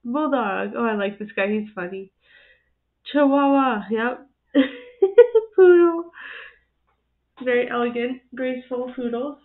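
A woman's voice: a little high, steady tone, normal speed. A woman hosting a reaction channel, chatting casually and giggling often as she comments. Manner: chatty and giggly, laughing often between remarks. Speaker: host of an animal video reaction channel. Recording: tinny phone-like sound.

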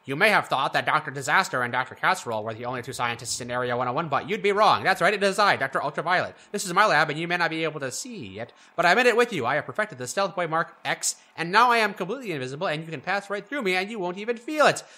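A man voicing a smug, mocking male scientist who sneaks around invisible, talking in hushed, snickering asides. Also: fairly high pitch, animated, fast, few pauses.

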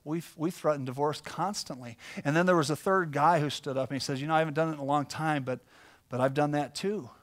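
A man's voice: fairly high pitch, fairly even intonation, fast talker. A middle-aged male pastor preaching a sermon in a folksy, conversational storytelling way.

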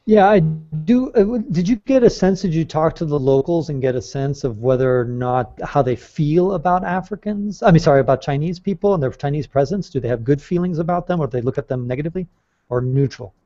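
Mellow-voiced man guesting on a podcast. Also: on the high side, brisk. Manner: talkative, explains at length with restarts. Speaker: travel author guest. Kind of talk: casual podcast interview. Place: calling in from abroad. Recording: slightly muffled audio.

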